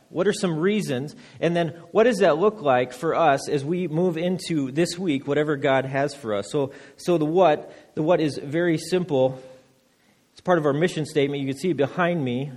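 A man with a slightly higher voice preaches a sermon in church. He reads scripture aloud at a deliberate pace, then presses his points with rising emphasis, often doubling words as he restarts a phrase. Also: a little mellow. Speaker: pastor.

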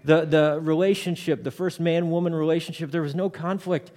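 A man's voice: on the high side, fairly even intonation, brisk, darkish tone. A man in his thirties, a pastor giving a conversational sermon, often repeating words as he starts a thought.

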